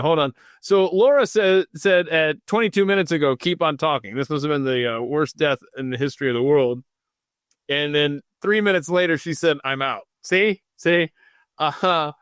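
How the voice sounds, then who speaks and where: A man's voice: mid-range voice, a bit bright, clean tone, dry recording. Guy hosting a podcast, rambly and self-deprecating, dry close sound. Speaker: podcast host reading live comments. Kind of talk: casual rambling livestream chat.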